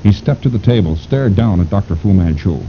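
Deep-voiced man narrating theatrically. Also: lively intonation, brisk, creaky. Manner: theatrical, lingering emphasis on ominous words. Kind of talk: dramatic audiobook reading of pulp fiction. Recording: dull lo-fi recording with rumble.

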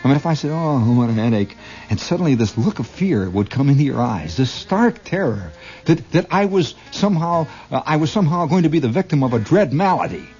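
A man's voice: fairly high pitch, sing-song, a little fast, darkish tone, highs cut off, soft background music. A middle-aged man performing a comedy monologue as one side of a conversation, talkative and argumentative, stammering and restarting, with chuckles at his own lines.

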